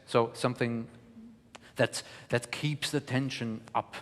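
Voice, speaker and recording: A man lecturing and coaching verse declamation, animated and encouraging, with frequent hesitation fillers. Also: medium pitch, normal speed, long reverb tail. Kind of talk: teaching lecture with spoken demonstrations.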